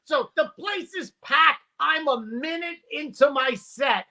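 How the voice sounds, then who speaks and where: High, bright-voiced comedian telling stories. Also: male voice, slow pace. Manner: animated, profane anecdotes acting out other people. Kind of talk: casual storytelling chat.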